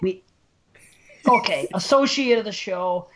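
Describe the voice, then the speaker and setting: A man co-hosting a podcast, excited and out of breath, joking and laughing easily in casual banter. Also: high-pitched, measured pace, creaky. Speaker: podcast co-host. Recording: dull lo-fi sound.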